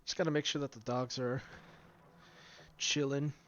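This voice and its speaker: A man running an online tabletop game as game master, pausing with ums and correcting himself as he explains. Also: medium pitch, level tone, a bit bright. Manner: hesitant, lots of ums and self-corrections. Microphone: online voice call. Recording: dull lo-fi voice-call audio.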